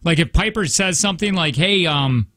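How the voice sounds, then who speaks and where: Man, radio co-host, fairly high voice, animated storyteller, dry close studio mic. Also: normal speed, no echo. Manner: animated storyteller who acts out family quotes. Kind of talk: morning radio banter. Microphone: studio microphone.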